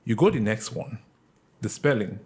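A man's voice: fairly low pitch, lively intonation, normal speed, darkish tone. A man from Nigeria co-hosting a casual podcast chat. He makes his points with energy and often repeats words as he starts them. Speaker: podcast co-host.

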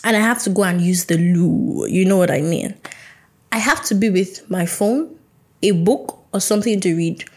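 A woman's voice: on the low side, normal speed, a little mellow. A young woman hosting a podcast, talking in a chatty, playful way and acting out little conversations. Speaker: podcast host. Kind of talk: casual solo podcast chat.

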